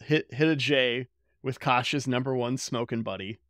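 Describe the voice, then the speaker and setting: A man's voice: mid-range voice, unhurried, fairly bright tone, dry recording, clean studio sound. A man co-hosting a casual podcast, recapping a show in a joking, laid-back way. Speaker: podcast co-host. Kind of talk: casual chat. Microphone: home podcast mic.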